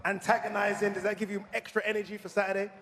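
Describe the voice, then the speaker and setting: A man's voice: high-pitched, level tone, fast talker, fairly bright tone. A man hosting a press conference, moderating and asking short questions. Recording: reverberant hall with crowd.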